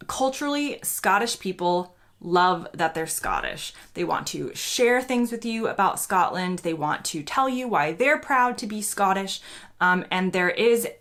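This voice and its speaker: A woman's voice: mid-range voice, animated, measured pace, fairly bright tone. A woman vlogging in a casual, chatty and upbeat way, with frequent fillers. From United States. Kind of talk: casual talking-head vlog.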